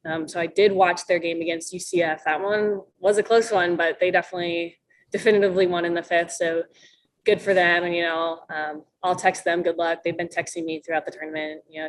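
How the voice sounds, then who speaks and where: A young woman from Minnesota with a slightly low voice talks in a relaxed, chatty way. She laughs often and slips into little acted-out quotes as she answers questions on a podcast. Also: a little fast, poor audio. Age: young adult. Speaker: college volleyball player guest.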